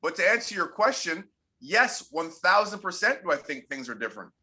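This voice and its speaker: A man in his forties with a high, very bright and forceful voice, telling stories with emphasis in an interview. He repeats key points to drive them home. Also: very animated, a little fast. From Canada. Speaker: interview guest, former pro hockey player. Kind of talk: candid interview storytelling.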